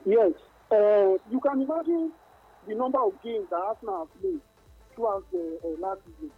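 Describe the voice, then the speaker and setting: A man's voice: sits high, very animated, normal speed, slightly rough, phone-quality sound, faint music behind. A man calling in to a sports radio show, emphatic and casual. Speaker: caller.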